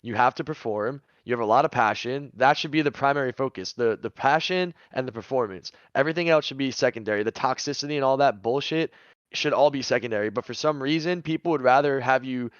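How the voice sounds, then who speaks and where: Fast, blunt, profane man. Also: mid-range voice, clear, resonant tone, no room sound, highs cut off. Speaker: podcast co-host, esports pundit. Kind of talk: casual podcast chat.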